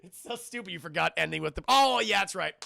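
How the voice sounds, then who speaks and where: Excitable male streamer, high, gravelly voice, dry close sound. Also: quick pace, dry recording. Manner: excitable, profane, frequently addresses the chat. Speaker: streamer and film reviewer. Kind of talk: casual film recap to a live chat.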